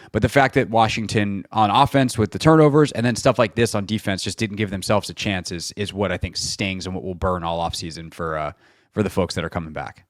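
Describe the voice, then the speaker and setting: A man's voice: lowish voice, no room sound, studio quality. A man hosting a sports radio show, breaking down football film in a casual, chatty way with lots of fillers and restarts.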